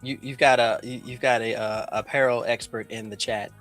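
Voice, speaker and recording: A man's voice: medium pitch, fairly even intonation, moderate pace, a bit bright, faint music behind. A man co-hosting a casual livestream chat, dry and teasing. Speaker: co-host.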